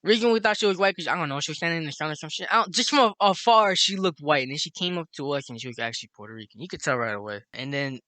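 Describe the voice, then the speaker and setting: A young man from Chicago rambles through a story full of swearing, laughing at it as he goes. His voice sits a bit high, with a bright, forceful edge. The sound is dry and close. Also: lively intonation, racing, hardly any pauses, no echo. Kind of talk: casual storytime monologue.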